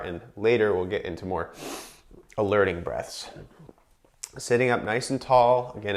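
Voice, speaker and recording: A man leading a chair yoga breathing class, counting breaths slowly and calmly and explaining each exercise. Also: lowish voice. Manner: slow, calm counting with explanations.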